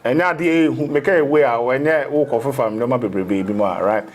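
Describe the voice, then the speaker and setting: A man's voice: medium pitch, brisk, a little hiss or hum. A man, a spiritual teacher in a casual interview, rambling through explanations and slipping into local phrases.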